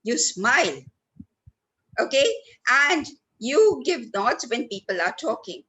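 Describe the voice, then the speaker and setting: A woman's voice: a little high, very animated, slow, a bit bright, poor audio. A woman leading a training workshop, stressing words for effect and speaking to listeners by name. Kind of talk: lively training talk. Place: lecture hall.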